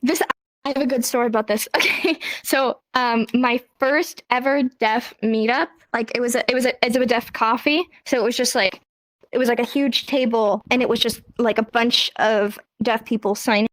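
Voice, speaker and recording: A young woman gives a relaxed, conversational lesson and answers questions as they come. Her voice sits a little high, and she acts out example lines by swooping up in pitch. The sound is close and dry. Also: normal speed, dry recording, poor audio. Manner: chatty, acts out example dialogue with rising pitch. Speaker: sign language teacher.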